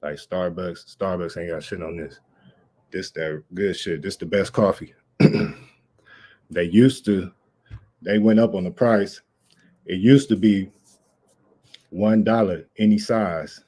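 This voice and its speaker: Deep-voiced laid-back male livestream host. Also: steady tone, takes it slowly, long pauses, mellow. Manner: laid-back, rambling, slangy. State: out of breath. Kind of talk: casual livestream chat.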